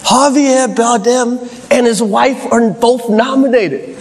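A man's voice: very high-pitched, takes it slowly, big-room sound. A man telling teasing jokes from an awards-show stage, laughing between lines. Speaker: comedian hosting an awards show. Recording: live broadcast clip with loud audience. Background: loud crowd.

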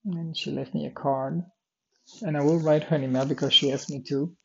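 Tired, gravelly man rambling through his day. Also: fairly high pitch, steady tone, fairly quick, a bit bright, highs cut off. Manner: meandering, many fillers and restarts, drifts off topic. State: tired and yawning. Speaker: vlogger recording a daily audio diary. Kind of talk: rambling personal diary talk.

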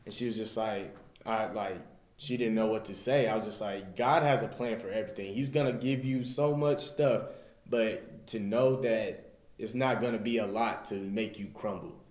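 A man's voice: on the low side, steady tone, normal speed, a little mellow, roomy sound. A young man sharing a personal faith story in a group, earnest and rambling, retelling his own words with "I was just like.". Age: young adult. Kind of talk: casual personal testimony.

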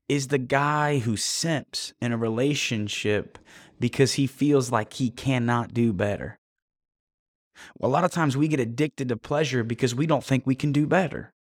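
A man's voice: medium pitch, no room sound. Man, blunt and profane, emphatic motivational monologue, dry close sound. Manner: direct, addresses listener as man. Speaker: motivational speaker.

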